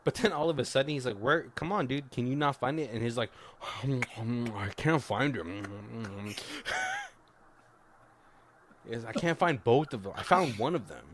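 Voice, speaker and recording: Male podcast host retelling a film scene by scene, loose and profane, with a lively voice over faint background noise. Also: mid-range voice, moderate pace, pauses often. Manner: profane, laughing, retells scenes doing quoted lines. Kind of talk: casual movie review chat.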